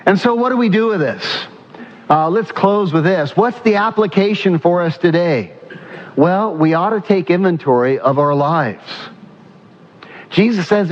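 A male pastor preaching a sermon. He asks the congregation questions, answers them himself, and slows down to stress key points. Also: high-pitched, lively intonation, muffled recording. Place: church.

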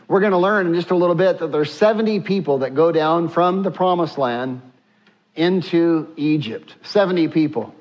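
A man preaching with animated energy, his voice rising and falling as he pulls the congregation into the passage. His voice sits a little higher than most men's, and the sound is dull and lo-fi. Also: normal speed. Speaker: pastor. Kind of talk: sermon.

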